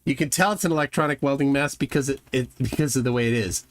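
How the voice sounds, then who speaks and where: A man hosting a casual reaction show, sarcastic and quick to laugh loudly at what he watches. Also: mid-range voice, slight background noise. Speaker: host reacting to videos. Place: home room with a fan running.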